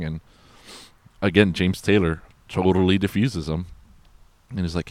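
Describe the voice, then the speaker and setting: A man's voice: low-pitched, moderate pace, long pauses, darkish tone, no echo. A man casually recapping a movie in a loose, rambling and profane way, full of fillers and asides. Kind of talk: casual film recap chat.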